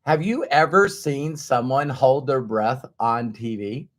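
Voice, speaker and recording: A man giving a motivational talk to an audience, acting out everyday inner voices in an animated way. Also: medium pitch, slow. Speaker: motivational speaker.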